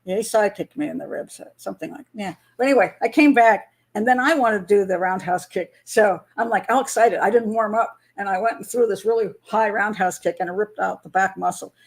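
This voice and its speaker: A woman's voice: mid-range voice, a little fast, few pauses, breathy edge. An older American woman hosting a live patron hangout, chatting casually, laughing often and rambling through restarts. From United States. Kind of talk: casual live-stream chat.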